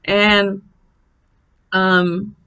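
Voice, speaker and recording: A young woman telling a birth story in a casual, blunt, animated vlog, swearing freely. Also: mid-range voice, extremely slow, clear, resonant tone, low-quality recording.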